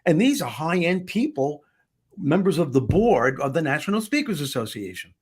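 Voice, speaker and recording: A man, a former comedian turned motivational speaker, telling a story in a conversation with lively restarts and self-corrections. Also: a little high, normal speed, slightly rough.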